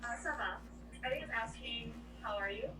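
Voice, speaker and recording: Woman, hesitant learner, roomy echo, clear background noise. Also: a little high, moderate pace. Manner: hesitant, tentative answers. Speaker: student.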